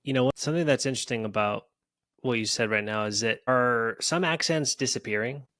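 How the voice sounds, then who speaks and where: An easygoing podcast host asks questions and chimes in with short agreements. The voice sits at a middle pitch. The sound is dry and close. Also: fairly quick, a bit bright, no echo. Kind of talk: casual podcast interview.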